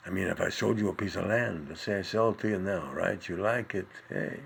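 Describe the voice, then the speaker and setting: A man doing a gravelly ancient old Jewish man. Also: low-pitched, brisk, a little hiss or hum. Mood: preachy. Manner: rambling, folksy, joke-telling with Yiddish words. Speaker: comedic host. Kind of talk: comic monologue in character.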